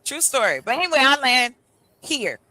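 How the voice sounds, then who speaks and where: A woman hosting a casual podcast chat, blunt and animated, telling stories with slang. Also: sits high, moderate pace, no echo.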